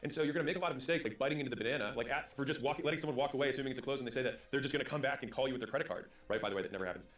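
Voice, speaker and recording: A man in his thirties giving a motivational storytelling talk, acting out quick bits of dialogue. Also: mid-range voice, a bit bright, far from the mic, faint music behind. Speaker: business and sales speaker. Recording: roomy sound from away from the mic.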